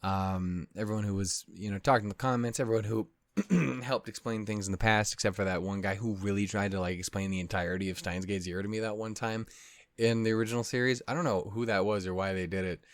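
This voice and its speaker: With a lowish, steady voice and a fast pace, a man running an anime reaction channel chats casually with viewers to wrap up, rambling and putting himself down. He swears a lot, keeps getting sidetracked and loses his train of thought, and there's no echo.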